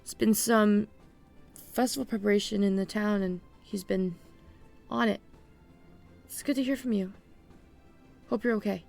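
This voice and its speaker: A woman's voice: mid-range voice, fairly even intonation, normal speed, gravelly, long pauses, darkish tone, soft background music, lightly acted. A woman voicing a sleepy young man woken at night, speaking in a groggy, just-woken voice. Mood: drowsy, kind.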